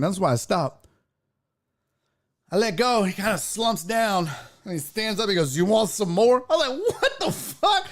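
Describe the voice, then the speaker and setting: Animated high-voiced male stream host. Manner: animated storytelling with profanity and acted-out voices. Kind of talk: casual live-stream chat.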